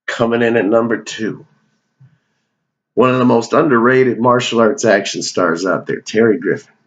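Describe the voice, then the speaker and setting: A man's voice: mid-range voice, fairly even intonation, moderate pace. Rambling, profane male movie vlogger. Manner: digressive, profane, joking. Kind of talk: casual rambling movie rundown.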